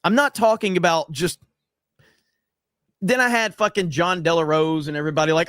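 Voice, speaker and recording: A man's voice: high-pitched, animated, moderate pace, fairly bright tone, no echo, clean studio sound. A man hosting a casual livestream, reading viewer super chats aloud and ranting in a brash, profane, emphatic way. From United States.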